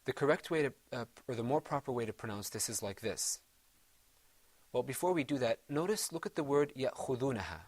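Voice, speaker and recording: A man teaching Quran recitation, patiently encouraging his students and trailing off softly after each bit of praise. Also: mid-range voice, expressive, quick pace, no echo. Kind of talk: gentle classroom instruction.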